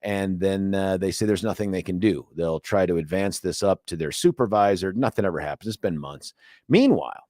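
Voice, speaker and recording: Low-pitched and a little fast, this man in his fifties hosts a casual talk radio show from a studio, recorded on a studio mic with no echo. His stories ramble along with plenty of restarts, told in a lively way.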